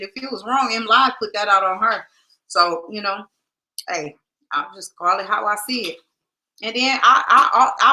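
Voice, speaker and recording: Brief: woman podcast host, chatty and direct, bright higher voice. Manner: chatty, laughing, talks straight to viewers. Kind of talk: casual livestream chat.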